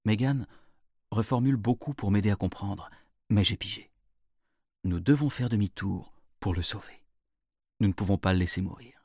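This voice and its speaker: A man's voice: on the low side, fairly quick, pauses often, a little mellow, breathy edge, no room sound, clean studio sound. Man narrating a bilingual storybook.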